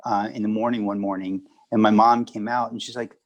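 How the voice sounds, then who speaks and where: A man speaking as a guest at a spiritual gathering, answering questions in a calm, reassuring way. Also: fairly low pitch, fairly quick, muffled recording. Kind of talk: conversational storytelling.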